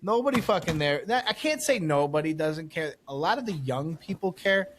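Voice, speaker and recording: A male podcast host with a slightly high voice, chatting casually and spinning a story. He acts out each exchange in his own retelling and swears freely as he heats up. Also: animated, moderate pace, a little hiss or hum.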